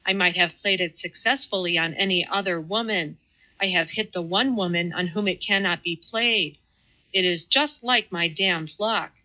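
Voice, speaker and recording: A woman's voice: fairly low pitch, pushed and bright. Woman reading a fierce stubborn atheist man. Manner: slow, vehement, stubborn. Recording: slightly muffled audio.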